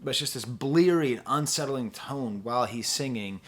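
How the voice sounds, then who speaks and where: Young male reviewer, casual and rambling, playful, hums snippets mid-sentence, mid pitch. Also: moderate pace. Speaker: music reviewer.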